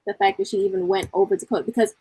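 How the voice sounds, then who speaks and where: A woman's voice: mid-range voice, steady tone, racing, warm tone, husky, no room sound, rough recording. A woman co-hosting a casual wrestling podcast, making confident, analytical points and teasing her co-host. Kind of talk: casual wrestling review chat.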